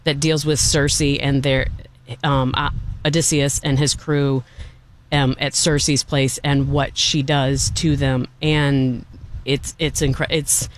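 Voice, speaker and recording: A man's voice: medium pitch, little pitch movement, takes it slowly, slight background noise. A man reviewing a film in casual chat, enthusiastic and rambling, often restarting his sentences.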